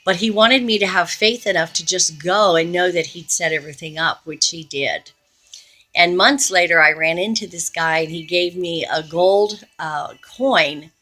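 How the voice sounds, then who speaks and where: A woman's voice: lowish voice, moderate pace, sharp tone. A woman hosting a Christian video, telling a personal testimony story in an earnest, conversational way with frequent fillers.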